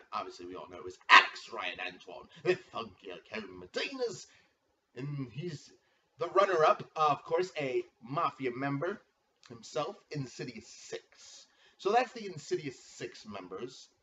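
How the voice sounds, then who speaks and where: A man hyping up his fantasy football league like a ring announcer, his voice swinging wildly up and down and sounding bright and cutting. He is recorded from a distance on dull, lo-fi audio with a faint hiss underneath. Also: medium pitch. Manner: hype-man name announcing, stretched shouted intros and profane rants.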